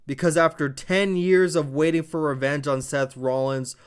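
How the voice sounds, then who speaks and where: A man's voice: a little high, steady tone, normal speed, smooth. A man recapping a wrestling show in casual commentary, retelling it like a dramatic story with profane asides.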